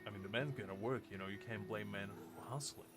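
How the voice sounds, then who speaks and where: A man's voice: fairly low pitch, fast talker. Playful male gameplay streamer. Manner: playful, rambling asides. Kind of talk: casual gameplay commentary, reading dialogue aloud. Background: game music.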